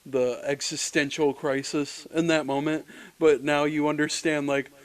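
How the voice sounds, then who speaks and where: A man's voice: fairly high pitch, flat delivery, measured pace. A young man, a podcast co-host, chiming in with short, wry remarks in casual chat. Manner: brief wry interjections.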